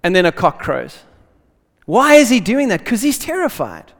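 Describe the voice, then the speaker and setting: Animated high-voiced preacher in a big hall. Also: male voice, moderate pace, creaky. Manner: animated, casual slang, dramatic swings from loud to hushed. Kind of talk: lively sermon. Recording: long hall reverb.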